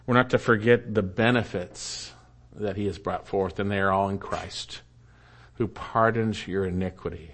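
A pastor preaching a sermon with emphatic repetition, swinging from loud exclamations down to a hushed, quiet close. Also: male voice, lowish voice. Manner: emphatic preaching, rising to exclaim then dropping to a hush; repeats phrases for emphasis.

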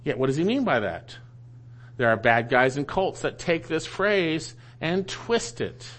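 A male preacher delivering a teaching sermon in a fairly high voice. His pitch swings widely as he leans on key phrases and repeats them for emphasis. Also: expressive, a little slow, a bit bright. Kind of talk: sermon teaching through a Bible passage.

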